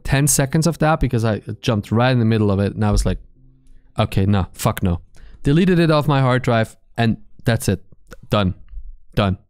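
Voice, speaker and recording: A man's voice: medium pitch, a little mellow, clean tone. A man streaming live and chatting casually with his viewers, blunt and full of swearing as he rambles.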